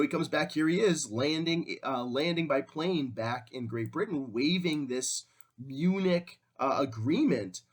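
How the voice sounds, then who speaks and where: A man teaching a history class in a conversational way, often acting out quotes in different voices. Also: on the high side. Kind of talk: classroom lecture.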